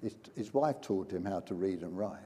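An older man preaching a sermon in a church, emphatic and building to loud peaks. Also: low voice, expressive, moderate pace, a little hiss or hum. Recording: long hall reverb.

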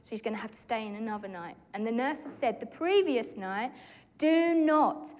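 Animated British woman telling a testimony. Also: on the high side, brisk. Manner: animated, excitable storyteller who acts out quotes. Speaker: speaker giving a testimony. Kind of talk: storytelling testimony to a church gathering. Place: stage in a hall. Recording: echoey hall.

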